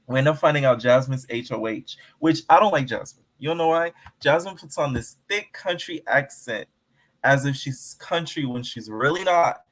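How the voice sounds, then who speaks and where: A man's voice: medium pitch, normal speed, a bit bright. A man giving sassy, slangy commentary on a reality show in a casual vlog, gossiping and addressing his viewers directly.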